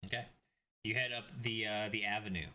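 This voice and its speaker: Young male game master, low but bright voice, loose rambling narration full of fillers. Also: fairly even intonation, brisk.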